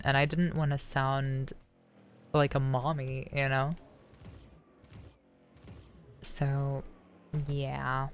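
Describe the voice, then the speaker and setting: Slow, gravelly feminized voice practice. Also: medium pitch. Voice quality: practicing a feminized voice after male puberty. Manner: hesitant, many restarts and throat clearing. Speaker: streamer doing voice practice. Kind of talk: casual livestream chat.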